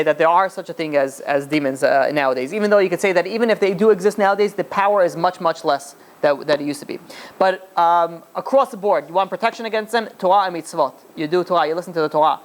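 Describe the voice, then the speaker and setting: A rabbi telling a story in a sermon, rambling with many "you know" and "right?" asides. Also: male voice, high-pitched.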